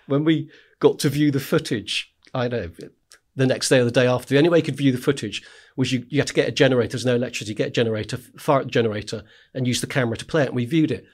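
A man tells tales from the front line in an easy, chatty way. His voice sits at a middling pitch, and he keeps checking in with "right?" and laughs as he goes. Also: fast. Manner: animated storyteller, frequent "right?" asides, laughs while telling. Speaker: podcast guest, war correspondent. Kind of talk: casual storytelling chat.

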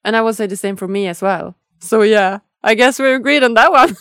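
A woman's voice: on the high side, a little fast, a bit bright, clean tone, no echo, clean studio sound. A woman hosting a podcast in casual interview chat, talking earnestly and emotionally, with many fillers. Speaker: podcast host.

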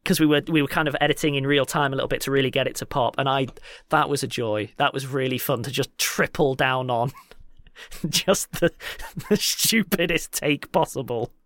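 A man's voice: medium pitch, no echo. Man, podcast co-host, casual Q&A chat, teasing, dry close mic. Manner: animated, teasing, quick to laugh.

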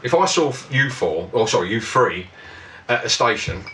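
Man, blunt and sweary, lively pitch, roomy and distant, noisy background. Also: normal speed. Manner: blunt, sweary, laughing often. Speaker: guest. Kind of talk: casual banter.

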